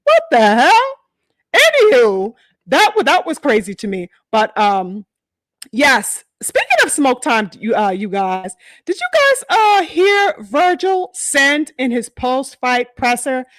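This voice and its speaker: Female host, high lively voice, slangy casual boxing talk, dry close sound. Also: takes it slowly, no echo. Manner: animated, slangy, mimics fighters' quotes, laughs often. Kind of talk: casual chat.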